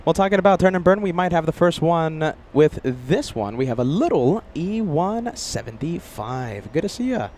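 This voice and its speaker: A chatty, excitable man hosts a live plane-spotting stream outside near an airport runway. His voice sits a little high for a man, and he rambles as he reads viewers' messages aloud. Faint outdoor traffic hums behind him. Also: moderate pace, few pauses. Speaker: plane-spotting livestream host.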